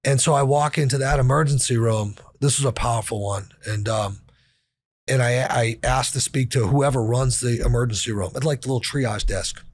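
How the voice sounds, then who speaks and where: Husky man telling a candid story. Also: medium pitch, fairly even intonation, moderate pace, dry recording. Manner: candid, swears casually, acts out quoted dialogue. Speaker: podcast guest. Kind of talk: storytelling in casual conversation.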